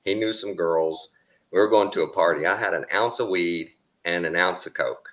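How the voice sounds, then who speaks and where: Deep-voiced Texan man telling stories. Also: moderate pace, a bit bright. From Texas. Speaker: storyteller. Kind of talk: casual storytelling.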